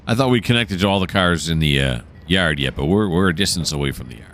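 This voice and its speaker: A man's voice: low voice, lively intonation, fairly quick, fairly bright tone, slight background noise. A man narrating a train simulator game as he plays, thinking aloud and correcting himself. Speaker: gameplay commentator. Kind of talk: relaxed let's-play narration.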